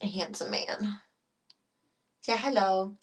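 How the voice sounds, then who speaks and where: Woman streamer, casual and chatty, coos at pets, mid-pitched. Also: fairly even intonation, takes it slowly, slight background noise. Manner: chatty, coos and baby-talks to animals. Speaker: streamer working with animals. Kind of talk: casual live-stream chat.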